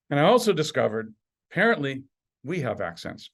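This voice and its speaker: A man in his sixties from Canada, a university administrator giving an alumni talk with wry humor and lively emphasis. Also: mid-range voice, fairly quick. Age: 60s. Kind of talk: prepared talk.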